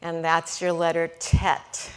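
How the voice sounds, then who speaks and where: A woman's voice: lowish voice, completely flat delivery, takes it slowly, clear, resonant tone. A woman teaching a Hebrew lesson to a class, patient and encouraging, sounding out syllables and checking that everyone follows.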